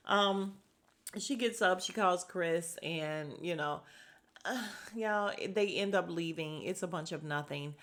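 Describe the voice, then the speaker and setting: A woman's voice: lowish voice, slow pace, a bit bright. A woman hosting a casual podcast recap of a reality show, chatty and blunt, with an exasperated edge.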